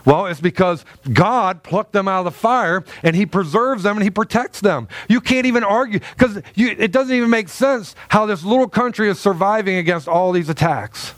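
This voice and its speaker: A high-voiced male pastor delivers an emphatic sermon. He stumbles through fillers and restarts and keeps calling out to his congregation. His voice sounds close and dry. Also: normal speed, a bit bright, no room sound.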